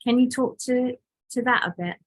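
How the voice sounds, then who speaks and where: Woman host asking stuff softly, lots of ums, dry close sound. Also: on the high side, normal speed, no room sound. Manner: gentle, hesitant questioning with fillers. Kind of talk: interview questions.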